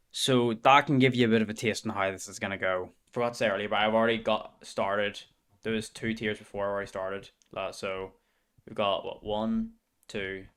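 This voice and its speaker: A man's voice: lowish voice, fairly bright tone, smooth. A young man streaming, bantering with his chat, swearing and muttering to himself between voice-over lines. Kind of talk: casual stream commentary with voice-over.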